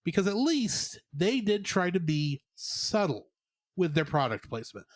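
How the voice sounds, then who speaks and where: A man co-hosting a podcast, giving an animated, sarcastic movie review in casual chat. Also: high voice, unhurried, no echo. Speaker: podcast co-host.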